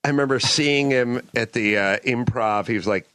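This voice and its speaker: A man hosting a podcast, telling a casual story and acting out the people he quotes with lively voices. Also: medium pitch, moderate pace. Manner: animated, acts out quotes in other voices. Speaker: podcast host. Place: ship cabin.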